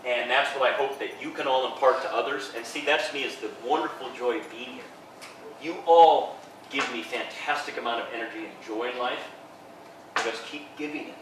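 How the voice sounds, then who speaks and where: A man giving an informal, enthusiastic lecture to students as a professor, upbeat and quick to laugh. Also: medium pitch, a bit bright. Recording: echoey hall, distant mic, background noise.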